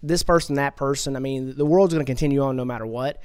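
A man's voice: mid-range voice, quick pace, darkish tone, smooth, no echo. A man hosting an interview podcast, chatty and agreeable, with lots of fillers and restarts. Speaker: podcast host.

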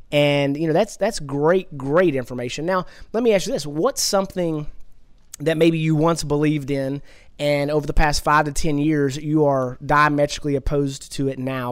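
A man's voice: on the high side, clear, resonant tone, no room sound. A man hosting an interview podcast, chatty and agreeable, with lots of fillers and restarts. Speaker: podcast host.

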